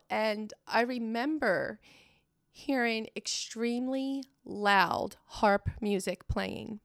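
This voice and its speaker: A middle-aged woman sharing a personal testimony, halting and emotional, with many fillers. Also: medium pitch, vocal fry, dry recording, clean studio sound. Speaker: guest sharing her testimony.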